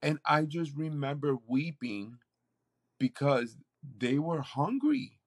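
A man's voice: on the high side, slow pace. A man, a campus pastor, sharing a personal testimony in conversation and acting out the people in his story. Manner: animated storyteller, acts out quoted voices.

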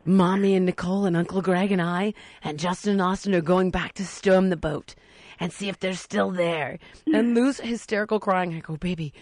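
A woman's voice: lowish voice, normal speed, no room sound. A woman telling a story in casual podcast talk, acting out the quotes with lots of energy. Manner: animated, acts out quotes.

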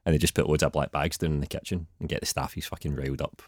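Deep-voiced Glaswegian man, quick chat. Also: flat delivery, no echo, clean studio sound. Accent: Scottish, Glaswegian. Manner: laid-back, chatty storytelling. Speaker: podcast guest, author. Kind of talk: casual chat.

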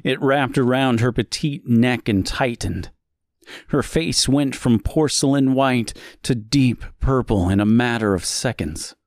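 A man reading a dark story aloud as narrator, speaking deliberately with dramatic pauses. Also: medium pitch, no room sound, clean studio sound. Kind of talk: scripted horror story narration.

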